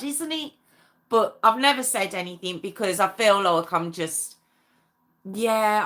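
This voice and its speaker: A woman hosts a true crime livestream in an easy, chatty way, laughing often as she answers viewers' comments. Her voice is bright and a little sharp. She talks at an unhurried, drawn-out pace. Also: medium pitch. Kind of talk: casual live chat with viewers.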